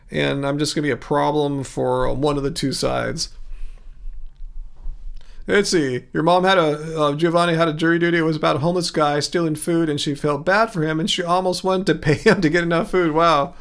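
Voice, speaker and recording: A middle-aged man from California hosts a casual livestream, chatting back to viewers' comments in a loose, halting way. His voice sits a little high for a man, and he sounds worn out, trailing off and laughing between thoughts. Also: fairly even intonation, gravelly, a bit bright. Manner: rambling, halting, laughs often, reads comments aloud. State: mentally tired. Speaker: livestream host reading chat.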